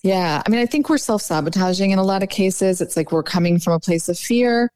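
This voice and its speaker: A woman dating coach chats freely in an interview, her speech full of "like" and "you know." The sound is dry and close, with no room echo. Her pitch sits in the middle range for a woman. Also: a little fast, clear, resonant tone. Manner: chatty, animated, lots of "like" and "you know". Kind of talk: casual podcast interview.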